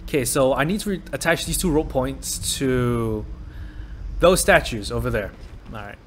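A man's voice: mid-range voice, normal speed, a little hiss or hum. Chatty man swearing through a puzzle. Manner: chatty, swears at the game, thinks aloud. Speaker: let's play commentator. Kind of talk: casual gameplay commentary. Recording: game music under voice.

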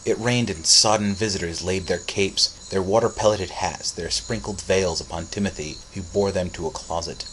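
Low-voiced man reading a story. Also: moderate pace, few pauses, a little hiss or hum, low-quality recording. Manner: steady, dramatic storytelling. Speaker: narrator. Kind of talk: audiobook reading.

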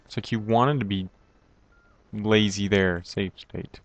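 Sarcastic low-voiced man on a dull mic. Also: steady tone, slow, no room sound. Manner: sarcastic, frustrated, swearing at the game's maker. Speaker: let's play commentator. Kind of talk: gameplay commentary.

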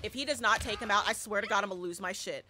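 A young woman streaming a horror game live, commenting excitedly and shouting repeated cheers and trash talk at her teammates. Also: mid-range voice, rapid-fire, heavy background noise.

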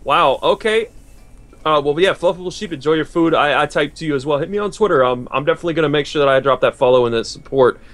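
Brief: male co-streamer, slightly high voice, bubbly, thanks viewers, laughs a lot. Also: fast talker. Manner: excitable, laughs often, reads out chat names. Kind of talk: casual live-stream chat.

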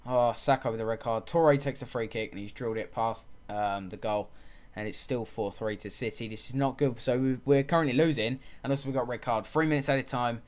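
A man's voice: mid-range voice, fairly even intonation, fairly quick, few pauses. A man giving casual let's-play commentary on a football management game, calling the action play by play and muttering frustrated asides. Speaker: gaming channel host.

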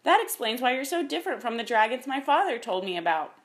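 A woman's voice: fairly high pitch, sing-song, quick pace, pitched above the performer's own voice. A woman voicing a friendly, practical young girl in a storybook reading, reassuring in tone.

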